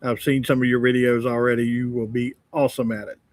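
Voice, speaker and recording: A man's voice: mid-range voice, level tone, fast, no echo, studio quality. A man in his sixties, a longtime radio host, chatting casually on a livestream and reading comments, joking and poking fun at himself. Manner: joking, chatty and self-mocking.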